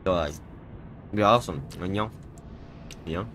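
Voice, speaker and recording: A young man streaming a video game, profane, excitable and jokey as he plays. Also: low-pitched, normal speed, slight background noise. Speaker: gaming streamer. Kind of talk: live gameplay commentary. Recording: home mic with game music behind.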